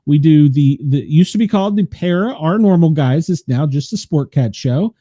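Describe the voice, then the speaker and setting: A man's voice: on the high side, lively intonation, moderate pace, mellow, no room sound, clean studio sound. An older man hosting a chat show, telling rambling stories and laughing often. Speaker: podcast host. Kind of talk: casual chat.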